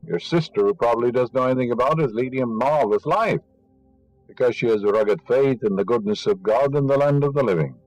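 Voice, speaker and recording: A man's voice: mid-range voice, a little mellow, low-quality recording. A man delivering a spiritual lecture, emphatic and teaching, scornful of superstition and fond of rhetorical questions. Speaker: inspirational lecturer.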